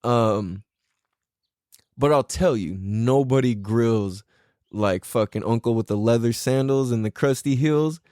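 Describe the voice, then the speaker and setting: In a dry, studio-quality recording, a man with a mid-range, slightly mellow voice speaks at a measured pace. As a podcast host giving a casual comedic monologue, he laughs often and mimics his relatives.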